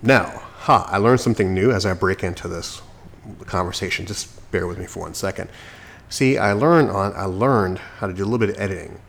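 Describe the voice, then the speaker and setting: A man recovering from illness hosts his own solo podcast, speaking alone into a desk microphone in a low voice with vocal fry, fairly quickly, over a faint hiss or hum. He's sick and comes across as chatty, preachy and self-mocking.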